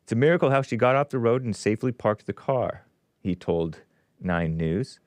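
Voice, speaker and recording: A man's voice: lowish voice, normal speed, no room sound. A man hosting his own show, reading a news story aloud and breaking in with sarcastic asides. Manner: sarcastic asides, animated ups and downs. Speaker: host.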